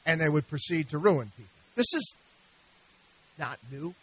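A man's voice: a little high, expressive, normal speed, a bit bright, breathy edge, low-quality recording. A middle-aged man hosting a radio talk show, talking animatedly and with exasperation, often repeating himself and restarting sentences. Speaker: radio show host, investment advisor.

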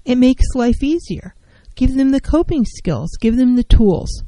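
A woman's voice: sits high, animated, measured pace, mellow, no echo, low-quality recording. A middle-aged woman counselor giving an earnest, emphatic talk on handling feelings, repeating key phrases to drive them home. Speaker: licensed professional counselor. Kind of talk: educational talk on mental health.

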